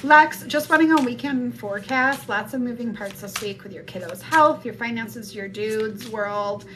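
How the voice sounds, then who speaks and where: A woman's fairly high voice moves at a moderate pace as she gives a casual spiritual reading on a live stream using a phone mic. She's rambling and blunt, swearing freely, and music is playing in the background.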